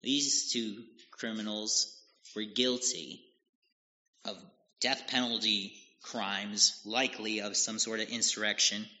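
A man preaching a sermon, slowly retelling a scripture passage and explaining it, in a deliberate manner. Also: lowish voice, fairly even intonation, pushed and bright. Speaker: pastor. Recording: dull lo-fi audio with long hall reverb.

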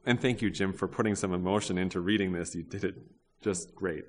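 A man's voice: sits low, fairly even intonation, brisk. A man preaching a sermon in a conversational way, asking his listeners questions and often restarting his sentences. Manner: conversational, asks the congregation questions, frequent restarts. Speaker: pastor. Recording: long reverb of a large hall.

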